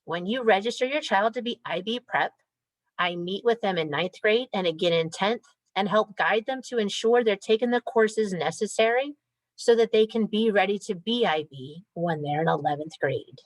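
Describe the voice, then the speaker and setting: Woman, program coordinator, mid pitch, clear and organized, dry video-call sound. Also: moderate pace, dry recording, poor audio. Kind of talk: informational presentation on a video call.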